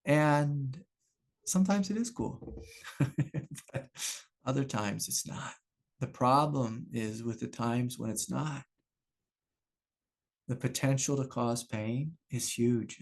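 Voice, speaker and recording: A man's voice: medium pitch, slow, pauses often, darkish tone. A middle-aged man giving a satsang talk as a spiritual teacher, candid and self-reflective, laughing often and repeating phrases. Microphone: video call.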